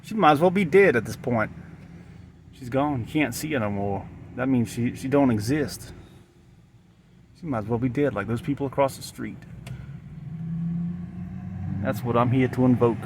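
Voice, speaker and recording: A loopy, sleep-deprived man rambles to his camera in a put-on Southern drawl. He talks in a mid-range voice, stumbling and restarting. Faint traffic hums behind him in an outdoor lot. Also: mid-range voice. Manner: halting, repetitive, full of restarts. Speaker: vlogger.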